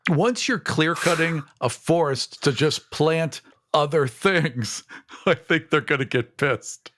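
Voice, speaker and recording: A man's voice: on the high side, lively intonation, takes it slowly, a bit bright, slight background noise. A man co-hosting a podcast in casual chat, easygoing and explaining his points. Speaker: podcast co-host.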